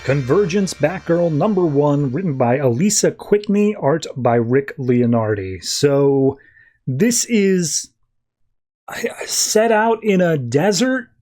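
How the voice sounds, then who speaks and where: A man's voice: a little high, animated, slow, warm tone, soft background music. A man hosting a podcast, casually recapping and reviewing a story in a loose, rambling way full of fillers. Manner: loose, filler-heavy retelling with frequent "like". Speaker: podcast host.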